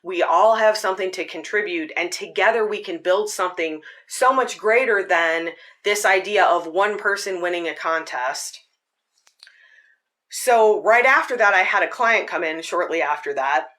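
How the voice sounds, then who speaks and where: Woman host, bright, earnest spiritual monologue, conversational with frequent "like"s. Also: on the low side, normal speed. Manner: earnest, rambling, with filler "like". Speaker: podcast host.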